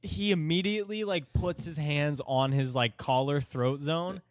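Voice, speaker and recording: A man co-hosting a podcast, trading wisecracks and deadpan jokes in casual chat. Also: on the high side, measured pace, heavy background noise. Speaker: podcast co-host.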